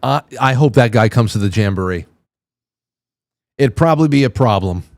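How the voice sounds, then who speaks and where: In studio-quality audio with no room sound, a male show host offers casual, wry, amused remarks on video clips. His medium-pitched voice moves at a moderate pace with lively intonation.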